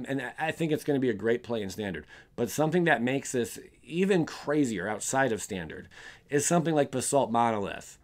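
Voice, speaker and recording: A young man hosting a casual card review, rambling and often stumbling over and correcting his words. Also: medium pitch. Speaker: card game video host.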